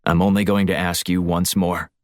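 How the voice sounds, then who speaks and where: A man's voice: low voice, flat delivery, normal speed, no echo, clean studio sound, lightly acted. A man voicing a blunt, hardened spy. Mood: threatening. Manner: clipped, growling. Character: hardened male covert agent, blunt and threatening.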